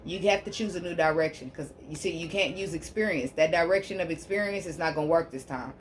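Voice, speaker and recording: Woman, tarot reader, fervent preachy delivery, soft repeated invocations, lower voice, faint background noise. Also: quick pace. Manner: fervent and preachy, calling out to listeners; softly repeats prayerful invocations while drawing cards. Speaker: spiritual healer and tarot reader. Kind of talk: tarot reading vlog.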